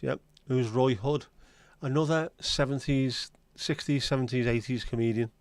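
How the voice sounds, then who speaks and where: A man's voice: mid-range voice, steady tone, moderate pace, hardly any pauses, no room sound. A man hosting a casual livestream, rambling and chatting as he answers viewer comments. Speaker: livestream host reading viewer chat. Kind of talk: casual chat.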